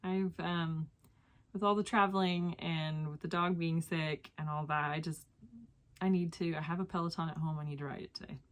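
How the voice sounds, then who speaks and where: Young female vlogger, slightly low voice, loose and rambling, thinks aloud and trails off. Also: fairly even intonation, moderate pace. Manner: chatty, lots of fillers and self-corrections. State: slightly out of breath. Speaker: knitting podcast host. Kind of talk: casual chat to camera.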